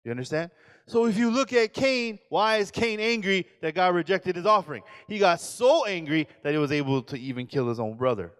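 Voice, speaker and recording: A man in his forties, a pastor giving a lively sermon lecture, acting out quoted voices and questioning his audience. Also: high voice, fairly quick, smooth, long reverb tail. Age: 40s.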